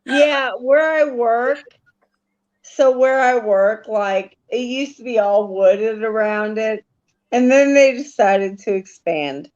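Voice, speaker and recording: A woman from Missouri chatting casually, telling long, unhurried stories. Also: a little high, darkish tone, lo-fi sound. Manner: slow, drawn-out storytelling. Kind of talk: casual live chat.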